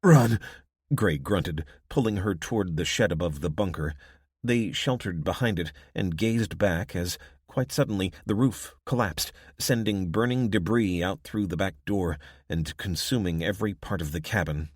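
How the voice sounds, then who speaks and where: A man reads an audiobook in a very low, steady voice. His telling is even and measured. The sound is dry and close with no room around it. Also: breathy edge, dry recording. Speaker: audiobook narrator. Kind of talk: scripted narration.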